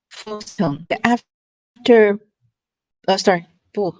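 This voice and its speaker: A woman teaching tones in an online lesson, slowly repeating each syllable with patience. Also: mid-range voice, no echo. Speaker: Mandarin teacher.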